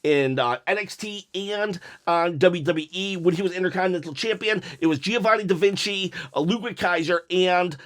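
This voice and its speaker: A man with a fairly high, light voice hosts a casual unboxing from his room at home. He talks into a desk microphone in a chatty, joking way, often chuckling at his own asides as he points out details. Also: normal speed, few pauses, a bit bright. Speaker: unboxing video host.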